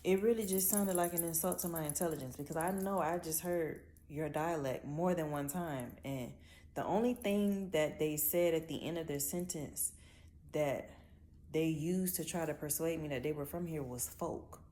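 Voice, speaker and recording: A woman's voice: deep voice, a little hiss or hum. A woman from Miami with a Miami accent, ranting bluntly and with lots of swearing in a casual monologue. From Miami, Florida. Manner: blunt, profane, animated storytelling with drawn-out words. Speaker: vlogger.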